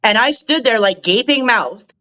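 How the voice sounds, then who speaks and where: A woman's voice: fairly high pitch, animated, moderate pace, bright, forceful tone. A woman from Canada chatting casually with friends, laughing easily. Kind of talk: casual chat.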